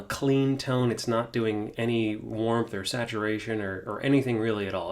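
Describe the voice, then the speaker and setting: Low-voiced man demoing guitar amps. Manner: relaxed, many fillers and restarts. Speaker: guitar amp tutorial host. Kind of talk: casual gear demonstration.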